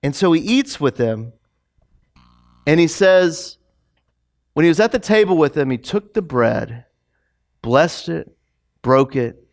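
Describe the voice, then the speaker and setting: A man with a high voice preaches a relaxed, conversational sermon. He tells the story in an animated, everyday way, often restarting his sentences and filling pauses as he goes. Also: vocal fry. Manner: casual, animated storytelling with many fillers and restarts. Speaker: pastor. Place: church sanctuary.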